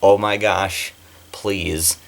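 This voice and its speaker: A man vlogging about his cosplay from a corner of his small bedroom, excitable and giggly, with a slight lisp. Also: low-pitched, very slow. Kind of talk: casual vlog.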